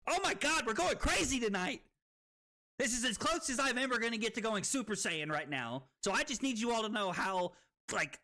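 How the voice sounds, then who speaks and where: A young woman streaming and commentating a card game tournament, animated and quick to laugh. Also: a little high.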